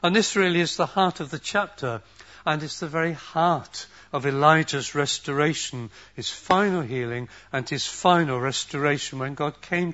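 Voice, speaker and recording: An older man preaching a sermon in a gentle, measured way, repeating phrases for emphasis. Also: a little high. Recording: dull lo-fi recording.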